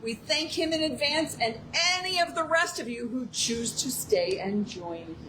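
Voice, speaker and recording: A woman reading a list of thanks at a court ceremony, pausing often with fillers. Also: fairly high pitch, background noise. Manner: halting, with many fillers. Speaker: court herald.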